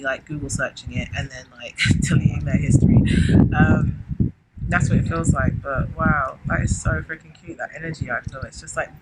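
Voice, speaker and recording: An effusive woman talks through a casual spiritual reading, exclaiming often and filling her pauses with chatty asides. Heavy background noise and clicking sit under her voice. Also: low-pitched. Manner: effusive, keeps exclaiming wow, chatty with many fillers. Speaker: tarot reader.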